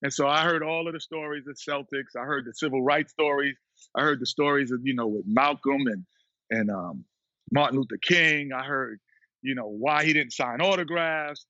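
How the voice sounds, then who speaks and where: A man being interviewed who tells a story in a lively way, laughing and acting out what other people said. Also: medium pitch, normal speed, no echo, dull audio. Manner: animated storyteller who acts out quotes, laughs often. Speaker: guest, former basketball player and TV analyst. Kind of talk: casual storytelling chat.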